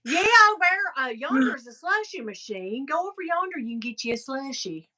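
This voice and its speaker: A woman's voice: high-pitched, big pitch swings, brisk, sharp tone, exaggerated voice. A woman voicing a cheerful, over-the-top Southern store clerk with an exaggerated Appalachian drawl and folksy talk. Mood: hammy welcoming.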